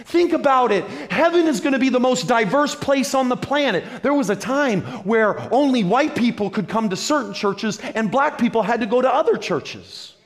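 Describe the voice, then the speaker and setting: Male pastor with a high voice, delivers a lively sermon with humor and repetition. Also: normal speed, hardly any pauses. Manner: lively, humorous preaching with repeated phrases.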